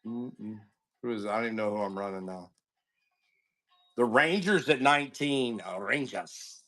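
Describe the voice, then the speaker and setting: A man's voice: fairly low pitch, measured pace, bright, forceful tone. Chatty man hosting a card break stream. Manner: chatty, greets viewers, tells stories with asides. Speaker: card break livestream host. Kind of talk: casual livestream chat.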